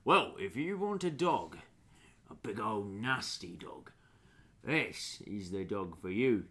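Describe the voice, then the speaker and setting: A man voicing a gruff, blunt male dog trainer in a tabletop game. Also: lowish voice, sing-song, slow, bright, forceful tone, voice pushed down, heavily acted.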